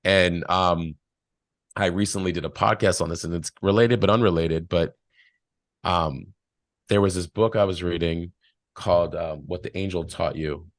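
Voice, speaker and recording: A man's voice: deep voice, fairly even intonation, normal speed, dry recording. A man talking casually and reflectively as a podcast guest, telling stories with quoted voices. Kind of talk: casual spiritual talk.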